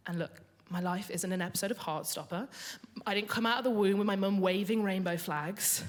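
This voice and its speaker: A woman's voice: medium pitch, brisk, hardly any pauses. A young woman telling a comic, confessional story onstage at a live storytelling event. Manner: comic, confessional, builds to punchlines.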